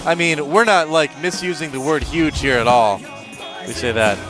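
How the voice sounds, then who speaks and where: A man with a fairly high voice and moderate pace does play-by-play for an esports match, filling the gaps between plays with jokey, rambling banter. He is a caster working from a broadcast studio in Seoul, with music playing beneath his voice.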